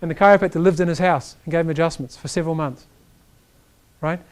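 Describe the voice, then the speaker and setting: Emphatic high-voiced male lecturer. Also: quick pace. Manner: animated, emphatic, keeps asking "right?"; reads quotes aloud to the audience. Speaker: chiropractic lecturer. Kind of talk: energetic classroom lecture.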